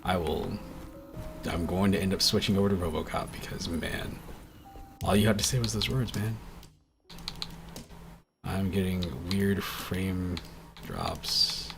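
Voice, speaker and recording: A man's voice: sits low, steady tone, measured pace, gravelly, pauses often, over music. A man streaming games from home, chatting casually and rambling with lots of fillers and restarts. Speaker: game streamer. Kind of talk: casual streaming chat while playing.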